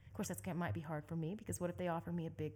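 A young woman from Southeast Texas telling a story as an interview guest, animated and laughing often. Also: fairly low pitch, racing, breathy edge. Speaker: guest, endurance bike racer.

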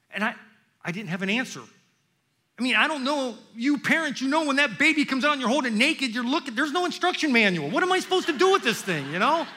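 An older man preaching a sermon in church, intense, swinging from loud exclamations to hushed, quiet passages. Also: high voice. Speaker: pastor.

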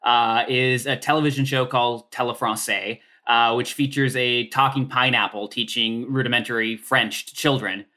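Man, from Canada, comedian, casual chat, bright tone, filler-heavy. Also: mid-range voice, steady tone, moderate pace, hardly any pauses. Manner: rambling, filler-heavy, self-deprecating. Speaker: comedian guest.

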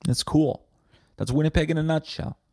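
Gravelly, foul-mouthed man ranting. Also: a little high, fairly even intonation, normal speed, dark tone, no echo, studio quality. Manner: ranting, crude and heavily profane. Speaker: podcast host. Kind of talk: profane casual monologue.

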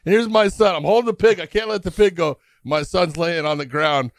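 Brief: middle-aged man, lively laughing raconteur, dry close sound. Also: high-pitched, fairly quick, gravelly, no room sound. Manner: animated, laughing storyteller. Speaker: podcast guest telling stories. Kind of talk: casual storytelling chat.

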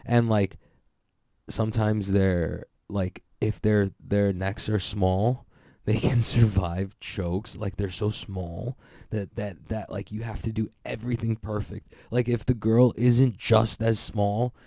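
Young male host, loose excitable recap talk with lots of swearing; dark, mellow tone. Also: lowish voice, slow pace, gravelly, no echo, clean studio sound. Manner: rambling, profane, excitable, laughs often. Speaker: podcast host recapping jiu-jitsu events. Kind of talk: casual solo recap.

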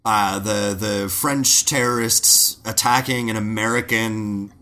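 A man's voice: lowish voice, fairly even intonation, slow, pushed and bright. A man on a casual podcast panel, hesitant with many ums, but playful.

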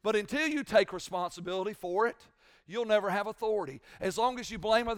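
A man preaching as a pastor, driving points home with repeated phrases and loud, rising emphasis. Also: sits high, fast talker, clear, resonant tone, no room sound, studio quality. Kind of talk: sermon.

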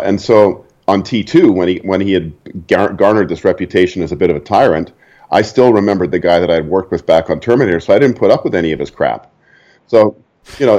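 A man's voice: low-pitched, darkish tone. An older man from Canada, a stunt performer, telling stories casually and chuckling at his own anecdotes. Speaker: interview guest, stunt performer.

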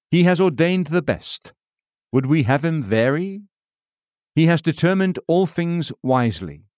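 Man, devotional reading, solemn, measured, very expressive pitch, mid voice. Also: no echo, clean studio sound. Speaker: reader of a devotional text.

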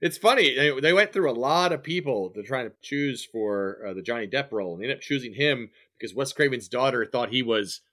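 A man's voice: medium pitch, fairly quick, few pauses, bright, forceful tone. A man co-hosting a podcast, chatting casually about a horror movie with easygoing, agreeing replies. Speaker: podcast co-host. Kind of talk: casual movie review chat.

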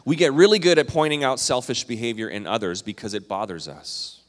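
A man from Minnesota and Canada preaching a sermon in a conversational style, swinging between loud emphasis and quiet asides. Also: medium pitch, brisk. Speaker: pastor. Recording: long hall reverb.

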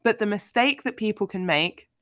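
A woman hosting a casual book discussion, talking in an animated, chatty way with frequent filler words. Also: mid-range voice, moderate pace, dry recording, studio quality. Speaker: podcast host.

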